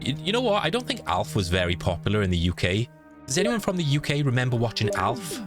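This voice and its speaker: A man's voice: medium pitch, huge pitch swings, quick pace. A man streaming a game from his room, chatting and greeting viewers by name. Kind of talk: livestream gameplay chat. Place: home room. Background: game music.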